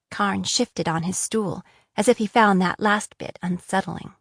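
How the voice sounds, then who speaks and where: A woman narrating a fantasy novel as an audiobook, with even, measured storytelling. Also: mid-range voice, gravelly, husky, no room sound, studio quality.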